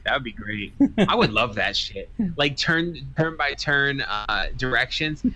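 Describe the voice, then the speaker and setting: Bright-voiced man with a Boston accent. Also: mid-range voice, expressive, measured pace. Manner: profane, joking, sounds slightly angry. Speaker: podcast co-host. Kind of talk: casual banter.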